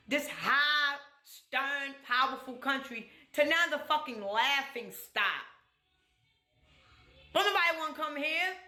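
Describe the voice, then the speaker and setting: A woman's voice: high-pitched, bright, forceful tone. A woman ranting bluntly and profanely in a monologue, exasperated and blunt. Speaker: vlogger. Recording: echoey room.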